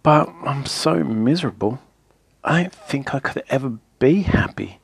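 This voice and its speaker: A man voicing a sad, miserable male storybook character with a squeaky, sniffing, gloomy voice. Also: lively intonation, unhurried, a little mellow, no room sound.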